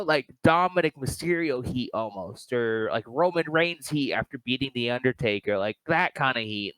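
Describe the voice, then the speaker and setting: A man co-hosting a casual wrestling review chat, animated and quick to mimic others. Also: medium pitch, smooth, no echo. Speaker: podcast co-host.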